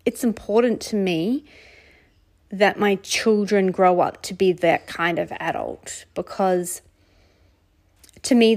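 A woman's voice: on the low side, darkish tone. A middle-aged woman from New Zealand hosting a casual solo podcast, talking candidly and conversationally with repeated phrases and self-mocking laughs. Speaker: podcast host.

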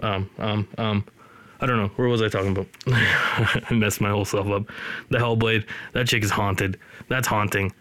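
A man's voice: on the low side, fairly even intonation, normal speed, pushed and bright, no room sound. A man hosting a podcast from his studio, rambling loosely and teasing his co-host in casual chat.

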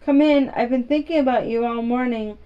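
A woman's voice: on the high side, brisk, clear, resonant tone, lo-fi sound, pitched above the performer's own voice, lightly acted. A woman voicing an imperious, sickly young boy who gives orders and asks demanding questions, in a storybook reading.

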